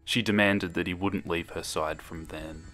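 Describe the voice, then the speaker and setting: A young man reading a horror story aloud in a calm, measured narration, recorded as a voice-over. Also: low-pitched, soft background music.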